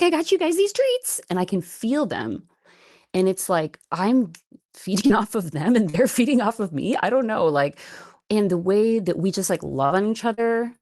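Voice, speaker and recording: Chatty rambling woman, low voice. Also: no room sound, clean studio sound. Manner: animated, rambling, laughs often, says "like" a lot. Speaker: guest. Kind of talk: casual storytelling chat.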